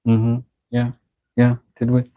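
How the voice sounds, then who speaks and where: A man's voice: medium pitch, monotone, slow, dry recording. A man making a knife in his workshop, chatting playfully to the camera through a face mask. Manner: playful, mumbling self-talk while working. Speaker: knife maker, channel host. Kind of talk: casual workshop vlog commentary. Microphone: talking through a face mask. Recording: dull lo-fi audio.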